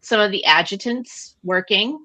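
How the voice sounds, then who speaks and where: Bright-voiced woman podcast co-host. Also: medium pitch. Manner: animated, quick recapping with frequent fillers. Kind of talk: casual book discussion chat.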